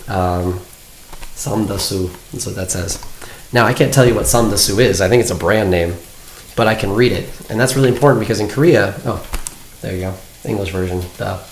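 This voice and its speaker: A man's voice: lowish voice, brisk. A young man from Canada chatting casually as a vlogger in his apartment, laid-back and full of "like". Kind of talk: casual chat. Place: apartment room. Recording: echoey room, faint noise.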